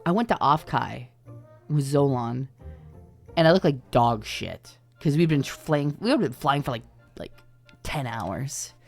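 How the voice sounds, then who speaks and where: A woman streamer from Canada telling stories in casual livestream chat, animated, laughing often and swearing freely. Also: extremely low pitch, a little slow, gravelly, soft background music. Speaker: VTuber streamer.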